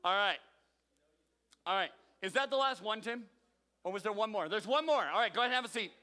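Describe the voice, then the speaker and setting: A bright, forceful youth pastor with a high voice leads a game for teens in a big hall. His voice rings out with a long reverb, and he teases the kids by name as he calls on them. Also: animated, a little fast. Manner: upbeat, calls on teens by name, playful teasing. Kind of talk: leading a youth group game. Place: large hall with audience.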